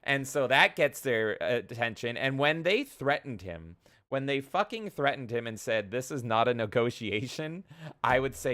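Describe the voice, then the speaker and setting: Male podcast co-host, heated profane ranter, bright crisp close-mic voice. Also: medium pitch, lively intonation, moderate pace, dry recording. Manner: heated, profane ranting with mocking quoted voices. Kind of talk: casual podcast rant.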